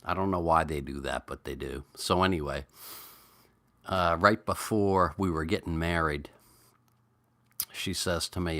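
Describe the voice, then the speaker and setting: A middle-aged man with a New England accent, rambling through stories and greeting viewers on a relaxed live chat. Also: low voice, unhurried, long pauses. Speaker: livestream host.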